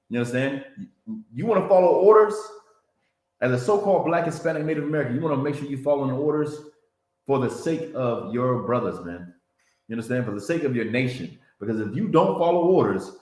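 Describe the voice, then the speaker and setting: A man's voice: mid-range voice, a little mellow. A man teaching a Bible class in a preaching style, repeating himself and checking in with "you understand?" and "man.". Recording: roomy echo.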